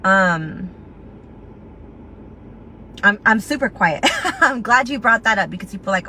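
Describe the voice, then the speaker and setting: A woman's voice: mid-range voice, unhurried, long pauses, bright, forceful tone, slight background noise, rough recording. A woman with a slight lisp giving a chatty, motivational recruiting talk, acting out her own inner voice and laughing at herself. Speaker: network marketing team leader.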